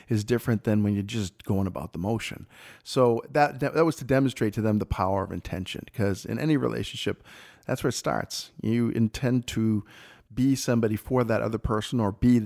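A man who teaches improv, telling stories about his classes in a casual conversation, his voice swinging up with excitement and trailing off quietly. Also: lowish voice, brisk, creaky.

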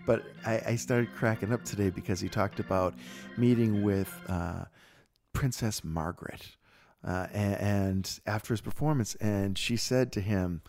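A man co-hosting a podcast, chatting casually and telling animated stories with frequent laughter. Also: fairly low pitch, measured pace, soft background music. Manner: animated storyteller, laughs often. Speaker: podcast co-host. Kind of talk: casual chat.

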